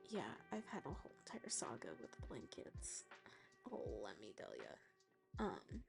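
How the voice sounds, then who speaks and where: A woman's voice: a bass voice, wildly swooping pitch, unhurried, vocal fry, music in the background. A woman streamer chatting casually while she crochets, rambling and often trailing off into a near-whisper.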